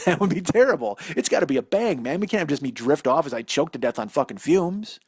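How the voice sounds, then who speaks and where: A man's voice: a little high, lively intonation, quick pace, darkish tone, breathy edge, no echo, studio quality. A man in his forties hosting a solo comedy podcast from indoors in a house, rambling and swearing as he mocks himself. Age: 40s. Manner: rambling, profane, self-mocking. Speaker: podcast host. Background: dog barking.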